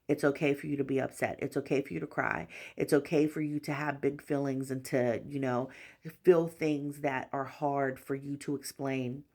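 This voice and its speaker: In a low-sitting voice, a female tarot reader offers a collective spiritual reading. Her tone is soft and reassuring, built on repeated affirmations and frequent "you know" fillers.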